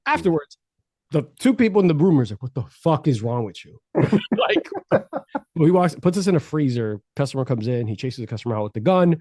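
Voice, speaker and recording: Animated man telling a story, dry mic. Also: a little high, a little fast, no echo. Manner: animated, profane, laughs mid-story. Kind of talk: casual podcast storytelling.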